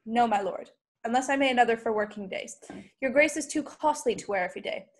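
A teenage girl playing a witty, sharp-tongued young noblewoman in a Shakespeare school play over a video call, full of quick mocking wordplay. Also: fairly high pitch, lightly acted. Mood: teasing. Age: late teens. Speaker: student actor. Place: home.

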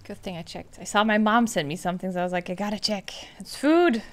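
A woman's voice: medium pitch, fairly even intonation, fast, fairly bright tone. Chatty woman gamer eating on stream. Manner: chatty, giggly, eating while talking. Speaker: streamer playing a game. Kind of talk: casual gameplay commentary.

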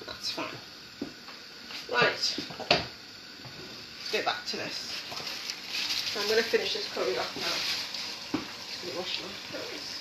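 A woman's voice: medium pitch, slow, long pauses. A woman hosting a casual cooking demonstration in a home kitchen, chatting and encouraging while she works. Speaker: cooking show host. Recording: echoey kitchen, mic at a distance, background noise.

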